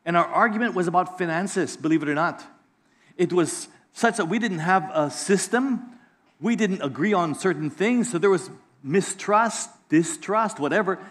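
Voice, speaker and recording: A middle-aged man, preaching a lively sermon and acting out voices in his stories. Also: sits high, normal speed. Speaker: pastor.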